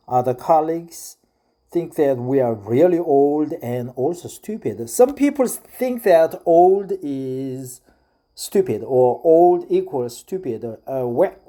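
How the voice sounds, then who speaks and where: A middle-aged vlogger from South Korea speaks English as a second language with a Korean accent, in a mellow, mid-range voice. His casual monologue is hesitant and full of filler pauses.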